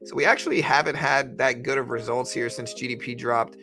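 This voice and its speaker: A man's voice: mid-range voice, fairly even intonation, brisk. A man giving rambling, casual live-stream commentary on trading, talking to his viewers with lots of fillers. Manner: rambling, conversational, full of fillers.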